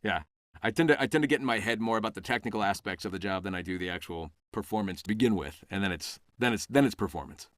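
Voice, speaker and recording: Lively storytelling man, low and dry. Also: quick pace, no room sound. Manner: animated storyteller who acts out quoted exchanges. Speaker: voice actor guest. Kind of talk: casual podcast interview.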